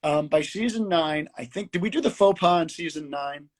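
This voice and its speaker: A man's voice: on the high side, moderate pace. A middle-aged man, a comedy writer, telling a story in casual chat on a video call, acting out quotes and laughing along.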